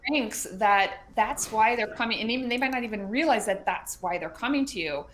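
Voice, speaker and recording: A woman speaking as a podcast interview guest, chatty and animated, with frequent fillers and restarts as she shares advice from her work as an educator and mentor. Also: a little high, brisk, a little hiss or hum. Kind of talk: casual conversational interview.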